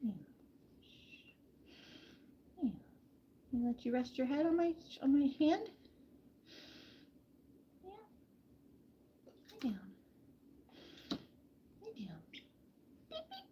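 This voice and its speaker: A woman vlogging from her backyard farm, chatting casually with viewers and softly coaxing a hen through a soak. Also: sits high, sing-song, slow, pauses often, dull audio, a little hiss or hum. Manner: soft, coaxing talk to an animal. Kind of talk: casual live chat reading comments.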